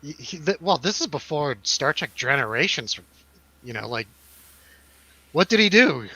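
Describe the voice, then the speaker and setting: Young male co-host, animated storyteller, bright tone, dry close mic. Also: a little high, normal speed, husky, dry recording, poor audio. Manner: animated storyteller, swearing, acts out quotes. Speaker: podcast co-host. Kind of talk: casual chat.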